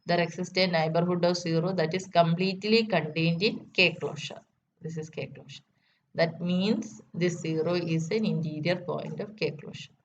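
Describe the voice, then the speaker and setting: A woman's voice: lowish voice, fairly even intonation, normal speed. A woman lecturer working through a mathematics proof step by step, often repeating key statements. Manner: methodical, repeats key steps. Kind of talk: math lecture. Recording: dull lo-fi recording with faint noise.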